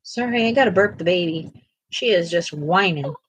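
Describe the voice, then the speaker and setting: A woman hosting a casual livestream, chatting and reading viewer comments aloud, now and then cooing softly to a fussy pet at home. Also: fairly low pitch, expressive, normal speed, slightly rough, dry recording. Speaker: art channel host.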